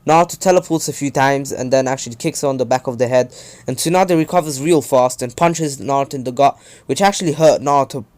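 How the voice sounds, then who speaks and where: A man's voice: mid-range voice, fast, darkish tone. A young man casually retelling a fan-made story, rambling with frequent fillers and self-corrections.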